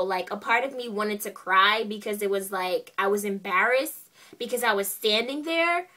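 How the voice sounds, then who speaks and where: A young woman vlogger telling a story in a casual, animated and exasperated way, full of "like"s and acted-out quotes. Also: mid-range voice, distant mic.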